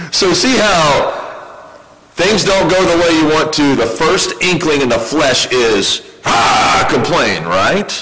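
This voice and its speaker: Man preaching with lively questions. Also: a little high, rough recording. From United States. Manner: conversational preaching, asks the congregation questions. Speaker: pastor. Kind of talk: sermon.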